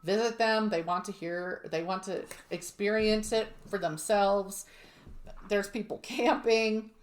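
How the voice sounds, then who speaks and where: A woman's voice: mid-range voice, fairly even intonation, unhurried. A woman co-hosting a podcast, telling a spooky history story in a sarcastic, swearing, laughing casual chat. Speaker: podcast co-host. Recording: roomy echo.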